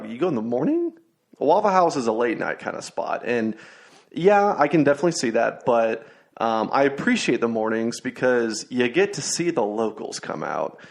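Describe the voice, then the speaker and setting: A young man hosting a laid-back podcast chat. His voice has a gravelly, fry-edged texture, and he rambles through anecdotes with frequent fillers and restarts. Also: medium pitch. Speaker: podcast host. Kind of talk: casual chat.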